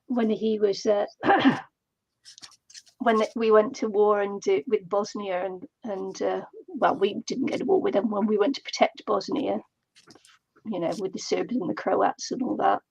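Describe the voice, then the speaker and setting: Middle-aged woman, gravelly co-host, halting delivery, dull lo-fi sound. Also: mid-range voice, darkish tone, no room sound. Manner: halting, many fillers. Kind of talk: casual chat while crafting.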